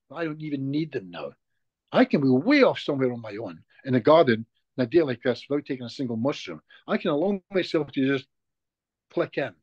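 Animated Scottish man telling a story. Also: on the high side, husky, no echo, lo-fi sound. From Scotland. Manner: animated, repeats words when moved. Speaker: hypnotist guest. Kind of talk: emotional storytelling in conversation.

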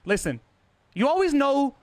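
A man's voice: very high voice, very animated, moderate pace, no room sound. A young man live-streaming a football video game, talking to his chat in a brash, profane, defensive way and boasting about his ranking.

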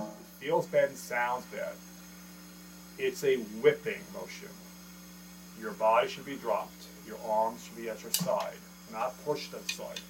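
A man's voice: mid-range voice, poor audio. Man counting beats in a drum lesson. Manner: explains step by step, counts beats aloud, checks in with "okay?". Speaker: drum teacher. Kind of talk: casual video drum lesson. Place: indoor room with electronic drum kit. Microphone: camera mic.

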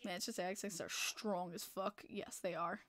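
A woman hosting a hockey podcast, chatting casually with viewers, excitable, swearing freely and laughing often. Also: on the low side, moderate pace. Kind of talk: casual live-stream chat reading viewer comments. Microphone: plugged-in desk microphone.

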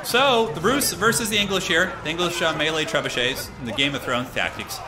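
A man giving casual, excitable live commentary on a strategy game tournament, chatting with his stream viewers as he goes. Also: fairly high pitch, fairly quick, music in the background. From United States. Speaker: tournament caster.

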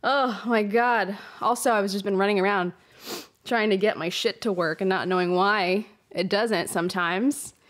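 A young woman hosts a podcast in a casual confessional monologue, blunt and unfiltered, swearing freely and often restarting her phrases. Her voice sits at an everyday middle pitch and comes through a hot, close microphone. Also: steady tone, normal speed. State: emotional, runny nose. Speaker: podcast host. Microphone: hot close mic.

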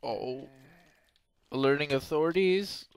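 A young man giving game commentary, excitable, often yelping and screaming when in danger. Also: on the high side, slow, clean tone. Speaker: gameplay commentator.

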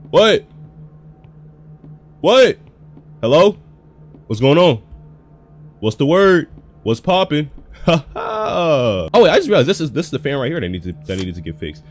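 Jumpy man reacting to a horror game. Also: fairly high pitch. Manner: jumpy, shouts and yelps when startled, slangy banter. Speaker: gaming video creator. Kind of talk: live reactions while playing a horror game.

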